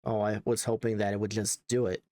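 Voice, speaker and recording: A man's voice: fairly low pitch, flat delivery, fairly quick, mellow, no room sound, clean studio sound. A man casually commentating a horror video game as he plays, wry and chatty, reading the on-screen text aloud. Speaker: let's play gamer.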